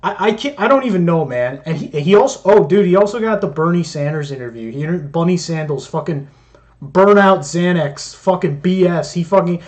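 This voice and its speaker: A man's voice: fairly high pitch, animated, brisk, lo-fi sound. A man giving sarcastic, profanity-laden commentary while reacting to clips. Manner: mocking, sarcastic, heavy swearing.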